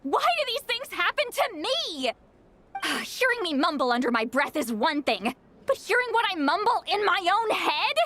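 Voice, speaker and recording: A woman's voice: very high-pitched, big pitch swings, normal speed, pushed and bright, full character voice. A woman voicing a centuries-old woman in a youthful body, flustered, sighing and stammering, in video game dialogue.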